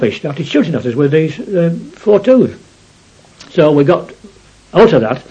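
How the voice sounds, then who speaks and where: A man's voice: on the high side, warm tone, breathy edge, lo-fi sound. An older man recounting his war memories in a rambling storytelling way, often adding "you see". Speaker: war veteran interviewee.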